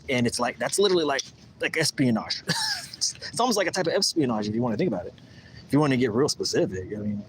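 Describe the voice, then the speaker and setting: A man talks on a casual livestream, his pitch sitting in the middle. He rambles and restarts, acting out the voices of the people in his story. The recording is noisy with outdoor ambience. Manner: rambling, animated, acts out quoted voices. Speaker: livestream host. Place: outdoors at a lake.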